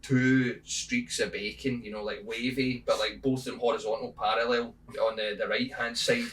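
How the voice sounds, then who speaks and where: A Scottish man tells a shaggy-dog joke on a podcast in a rambling, swearing, chatty way. His voice sits at an ordinary middle pitch and sounds slightly distant from the microphone. It is loose, unscripted comedy talk. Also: flat delivery, normal speed, a bit bright, slight background noise. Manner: rambling storyteller, swears freely, bursts into laughter. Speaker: comedian guest. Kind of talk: casual podcast chat.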